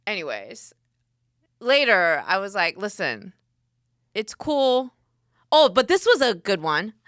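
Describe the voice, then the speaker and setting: Loud animated woman chatting. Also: medium pitch, a little slow, no echo, clean studio sound. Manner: loud, animated storyteller doing quoted voices. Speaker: podcast co-host. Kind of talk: casual chat.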